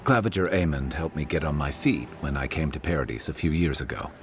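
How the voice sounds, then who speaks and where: An actor playing a roguish former soldier and sailor companion in a game, with dry joking banter. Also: male voice, fairly quick, slight background noise. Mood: wry. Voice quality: very deep, slightly filtered.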